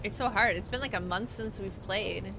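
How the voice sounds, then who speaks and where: A woman's voice: mid-range voice, normal speed, vocal fry, background noise. A young woman streaming a video game, chatting playfully and joking with her viewers. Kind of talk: casual gaming stream chat.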